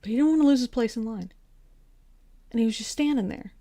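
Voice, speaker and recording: A woman's voice: on the high side, fast talker, mellow. A young adult woman, a veteran, telling a story in a casual rant, exasperated and sarcastic, full of rhetorical questions.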